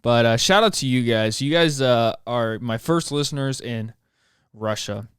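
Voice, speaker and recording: A man's voice: medium pitch, a little slow, a bit bright, clean tone, dry recording, clean studio sound. Rambling, self-mocking American young man. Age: young adult. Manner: rambling, self-mocking, stumbles over words. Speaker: podcast host. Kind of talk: rambling solo podcast talk.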